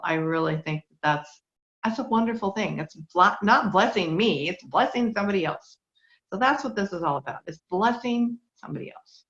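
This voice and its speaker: A middle-aged woman giving a heartfelt, faith-based talk, earnest and emotional, fighting back tears. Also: medium pitch. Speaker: speaker sharing a testimony. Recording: dull lo-fi recording.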